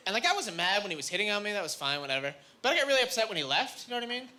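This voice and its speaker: A young man performing a stand-up set, telling a story with animated, high-jumping quoted voices. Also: racing. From Canada. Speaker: stand-up comedian. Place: comedy club stage. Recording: live club recording, audible room noise.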